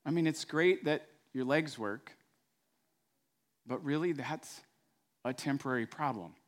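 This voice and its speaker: A man's voice: mid-range voice, unhurried. A man preaching a sermon in a conversational, storytelling way. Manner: conversational storytelling, acts out voices. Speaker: pastor.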